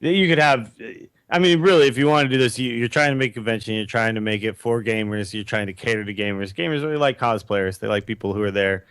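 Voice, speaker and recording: A man's voice: fairly low pitch, fast, fairly bright tone, smooth, dry recording. A man co-hosting a gaming podcast, teasing the others and laughing easily. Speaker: podcast co-host. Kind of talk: casual podcast chat.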